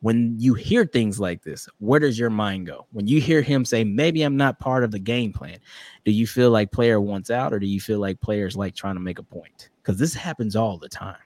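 Man, podcast host, casual sports chat, teasing, low voice, dry sound. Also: moderate pace, few pauses, darkish tone, dry recording. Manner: playful, teasing, ribs co-hosts.

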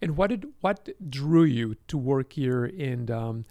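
A man's voice: mid-range voice, animated, slow pace, warm tone, no echo. A man hosts a podcast and asks his guest friendly questions. His voice sits in the middle range, recorded dry and close. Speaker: podcast host. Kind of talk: casual interview.

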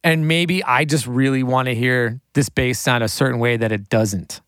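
A man working as a record producer and engineer, chatting casually in an interview, excitable and quick, laughing often and saying "like" a lot. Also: mid-range voice, smooth, no room sound.

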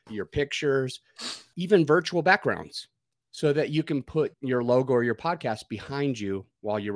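A man as a podcast guest, pitching his services in an energetic, salesy way and sometimes mimicking other people's voices. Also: no echo, studio quality. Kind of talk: conversational podcast interview.

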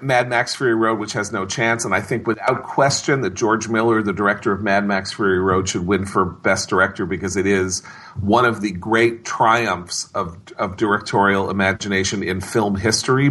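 A man co-hosting a casual podcast chat, a film critic giving opinionated picks with halting pauses and fillers. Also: lowish voice, a bit bright.

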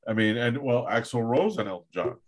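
A man's voice: mid-range voice, lively intonation, moderate pace. A man hosting a casual podcast chat, loose and profane, reading out news items between banter. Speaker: podcast host.

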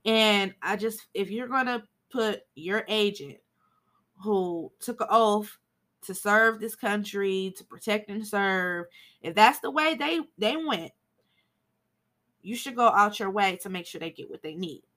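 Woman podcast host, casual film recap, chatty and frank, bright forceful voice, medium pitch. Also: a little slow. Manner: chatty, frank, swears for emphasis.

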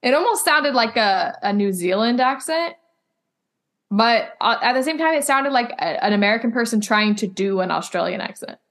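A woman co-hosts a podcast in a casual chat, her voice on the high side, expressive and fairly bright, at a normal speed. She rambles and second-guesses herself as she goes.

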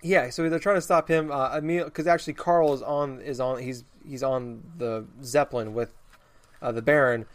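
A man's voice: mid-range voice, steady tone, moderate pace. A man in an easygoing conversation, his voice sitting right in the middle of the usual range. He circles around his point, stumbling over words and starting sentences again and again. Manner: rambling, many restarts while explaining. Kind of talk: casual chat.

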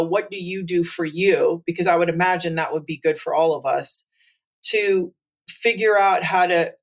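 A man hosting an interview, talking in a rambling, animated way with many fillers and asides. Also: sits high. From Trinidadian father. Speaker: podcast host. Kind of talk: conversational interview.

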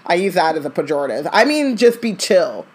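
A woman from Southern California, co-hosting a podcast in casual chat and ranting with animated asides. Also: a little fast, husky. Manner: animated, ranting, jumps into high mock voices. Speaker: podcast co-host.

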